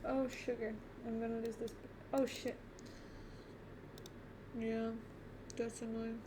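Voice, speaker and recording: A woman's voice: on the high side, flat delivery, slow, background noise. A woman streaming live chess, muttering reactions to herself and chatting to viewers between moves from her bedroom at home. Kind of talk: casual live-stream commentary while playing.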